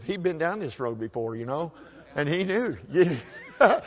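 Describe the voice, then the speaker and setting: Speaking to an audience at a microphone, a man tells a personal story in a folksy, halting way, often repeating words as he restarts. His voice is on the high side and very animated.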